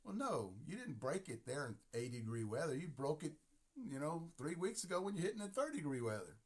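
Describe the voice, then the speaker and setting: A man's voice: on the high side, very animated, a little fast, slightly rough. A man in his sixties hosting a casual live stream who rambles, talks emphatically and repeats himself. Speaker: host.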